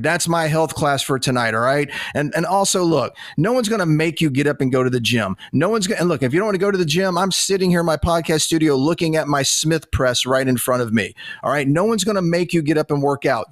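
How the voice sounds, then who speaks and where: A man with a fairly high voice hosts a podcast from his studio, speaking bluntly and with obvious exasperation while swearing freely. The casual podcast talk is recorded with no echo.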